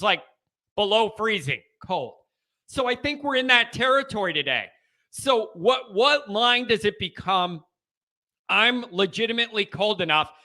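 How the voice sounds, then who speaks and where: Fired-up man hosting a fan call-in show. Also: high voice. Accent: American Midwest. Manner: animated, fired-up, repeats himself. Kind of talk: casual chat.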